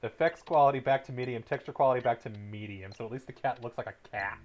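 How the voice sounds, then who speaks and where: A man's voice: medium pitch, fast, lo-fi sound. Chatty man streaming a game. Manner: chatty, talks to chat, bursts into loud excited yelling. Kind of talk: live gameplay commentary.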